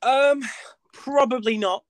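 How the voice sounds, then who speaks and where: A young man, chatting as a podcast guest in a flamboyant, expressive way. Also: very high voice, slow, no echo. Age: young adult. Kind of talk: casual interview chat.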